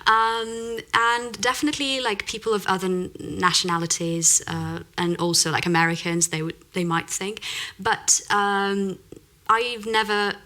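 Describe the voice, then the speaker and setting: A woman from Russia speaks English with a neutral British accent, her tone bright and ringing. She explains her craft as an accent coach in a relaxed interview, circling back with restarts and plenty of "like". Her pitch sits in an ordinary middle range. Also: measured pace. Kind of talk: casual interview chat.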